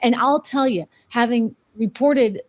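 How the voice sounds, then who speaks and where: A woman's voice: fairly high pitch, measured pace. A middle-aged woman hosting a daily news show, giving chatty, opinionated commentary with frequent fillers and restarts.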